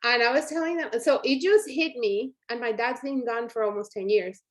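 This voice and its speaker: A woman's voice: fairly high pitch, moderate pace. Upbeat woman coaching viewers. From Colombia. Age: 40s. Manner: chatty, upbeat and encouraging, addresses viewers as "you guys". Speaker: workshop host. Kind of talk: live-streamed coaching workshop.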